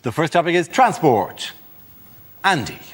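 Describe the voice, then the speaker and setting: Male panel show host, brisk. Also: fairly high pitch, big pitch swings. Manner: brisk, matter-of-fact links. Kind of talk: announcing topics. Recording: noisy studio with loud audience.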